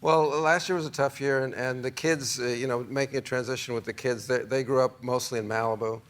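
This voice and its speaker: A man's voice: medium pitch, steady tone, a little fast. A man in his forties, a talk show guest, telling a long anecdote in a rambling way, with many fillers and restarts. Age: 40s.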